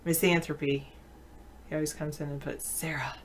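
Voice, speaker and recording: Chatty woman host, slightly low voice, answers viewer comments out loud with easy laughs. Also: a little slow, a little hiss or hum. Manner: laughs often mid-sentence. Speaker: show host. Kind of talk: casual live video-chat talk.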